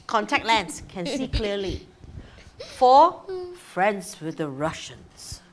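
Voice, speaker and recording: A woman's voice: mid-range voice, very animated, slow pace. A woman hosting a live show in casual chat, playful and joking. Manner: playful, jokey, upbeat. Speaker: host.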